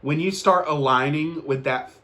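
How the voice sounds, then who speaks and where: Young man, earnest motivational host, emphatic, repeats lines, slightly high voice. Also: normal speed, sharp tone. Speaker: podcast host. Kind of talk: motivational monologue.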